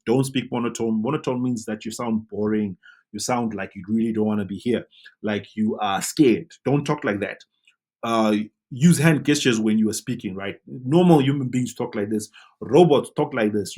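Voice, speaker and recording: Husky-voiced guy giving a web design tutorial, animated, keeps asking right?. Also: medium pitch. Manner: animated, coaching, asks rhetorical "right?". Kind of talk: tutorial talk to camera.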